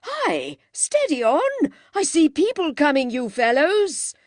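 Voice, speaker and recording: A woman voicing a flustered middle-aged male country clergyman who shouts in alarm. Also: very animated, takes it slowly, no room sound, studio quality, exaggerated voice. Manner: shouting, high-pitched and alarmed.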